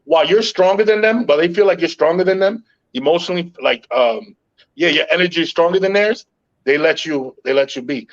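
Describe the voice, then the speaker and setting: Calm-talking man host, slightly high pitch. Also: brisk, lo-fi sound. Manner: calm, even-tempered storytelling with frequent "yo" and profanity. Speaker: podcast host. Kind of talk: casual podcast chat.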